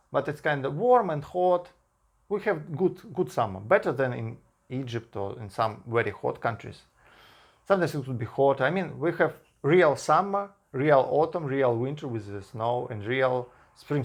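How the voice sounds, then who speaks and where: A man from Russia with a Russian accent, a native Russian speaker talking in English in a casual vlog, pausing and restarting often with simple grammar. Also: mid-range voice. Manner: halting speech with frequent restarts and simple grammar. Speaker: vlogger.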